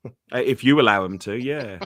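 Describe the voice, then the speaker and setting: A man's voice: mid-range voice, moderate pace, fairly bright tone, no echo, clean studio sound. A man with an Irish accent co-hosting a football podcast in casual chat, hesitant and full of ums and restarts. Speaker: podcast co-host.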